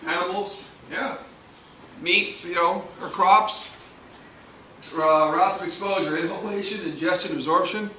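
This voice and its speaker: A male firefighter teaches a classroom, chatty and anecdotal, checking in with the class. His voice is bright and a touch high. It is captured from across an echoey room, with faint noise under it. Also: measured pace, distant mic. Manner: casual, chatty, tells anecdotes, asks the class questions. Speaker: firefighter instructor. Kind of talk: classroom training lecture. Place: training classroom.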